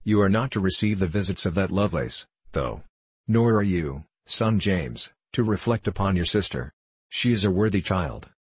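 A man's voice: sits low, lively intonation, normal speed, husky, no room sound. A man reading an audiobook, voicing a stern elderly father who gives curt commands.

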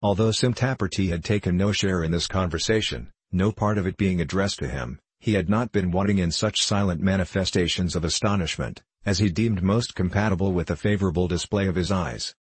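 A man narrating a classic novel as an audiobook reader, measured and wry. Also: low-pitched, husky, no echo. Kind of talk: scripted narration.

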